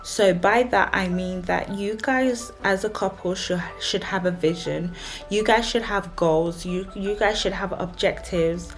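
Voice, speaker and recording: A woman's voice: medium pitch, measured pace, faint music behind. A young woman, a married vlogger giving chatty, emphatic relationship advice and repeating her warnings. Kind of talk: casual advice talk to camera.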